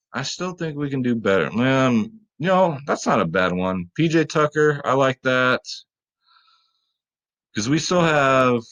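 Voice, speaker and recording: With a mid-range, somewhat bright voice on a rough recording, this man runs a laid-back fantasy sports show. He chats loosely and profanely about lineup picks, calling his audience "guys."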